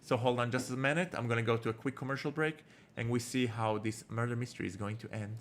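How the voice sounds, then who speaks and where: A man giving joking, rambling let's-play commentary with halting restarts. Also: mid-range voice, fairly even intonation, a little hiss or hum. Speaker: game streamer.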